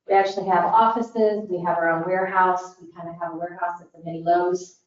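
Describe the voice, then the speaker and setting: A woman's voice: fairly low pitch, steady tone, fast, a little hiss or hum. Earnest Indiana woman in an echoey hall. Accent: Northern US (Indiana). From Northern Indiana, US. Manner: earnest, many "um" fillers. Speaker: disaster recovery organization presenter. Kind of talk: public forum presentation. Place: large meeting room. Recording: echoey hall, distant, dull mic.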